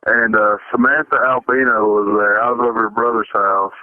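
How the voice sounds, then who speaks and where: A man's voice: fairly low pitch, fairly even intonation, a little fast, dry recording. A man co-hosting a podcast, chatty and profane, laughing often in casual chat. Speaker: podcast co-host. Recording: dry, phone-like lo-fi audio.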